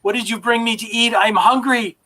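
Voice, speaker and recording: A man's voice: very high-pitched, steady tone, a little fast, bright, forceful tone, pitched above the performer's own voice, exaggerated voice. A man voicing a feral, starving young male vampire spawn in a tabletop game, pleading desperately for food. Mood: hungry.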